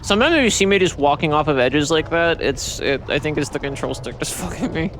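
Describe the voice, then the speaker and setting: A man's voice: fairly high pitch, expressive, a little fast, fairly bright tone, faint music behind. Tired, swearing game streamer man. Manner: swears freely, rambles with frequent restarts. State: tired from poor sleep. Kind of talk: casual game-stream chat.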